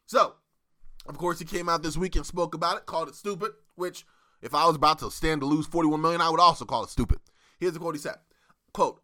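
A man's voice: a little high, fast, sharp tone, no echo, studio quality. A young man hosting a casual sports podcast, talking loosely with many fillers and restarts. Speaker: podcast host.

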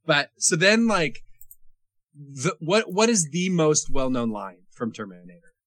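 A man's voice: a little high, lively intonation, a little slow, fairly bright tone, no room sound. A man co-hosting a podcast, reviewing movies in casual chat and laughing often. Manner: laughs often, trails off into quoting scenes.

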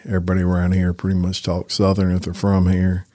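A man's voice: sits low, monotone, fast talker, warm tone, no echo. A man co-hosting a casual podcast discussion in a matter-of-fact, agreeable way. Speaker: podcast co-host.

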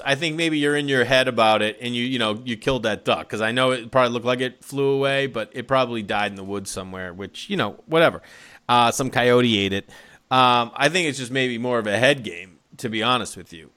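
A man hosts a golf podcast, talking briskly in a mid-range voice that sounds pushed and bright. He teases his callers in loose, comedic chat.

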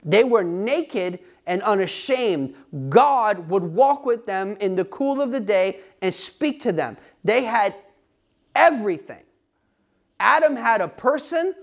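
A male pastor preaching a sermon, speaking emphatically to his congregation, often asking them questions and laughing now and then. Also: high voice. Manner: talks straight to the congregation, asks questions.

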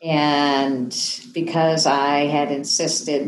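A woman's voice: fairly low pitch, moderate pace, a little hiss or hum. Woman in her fifties, echoey room. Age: 50s. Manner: animated, acts out quoted voices. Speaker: guest, television personality. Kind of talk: emotional storytelling in a podcast interview.

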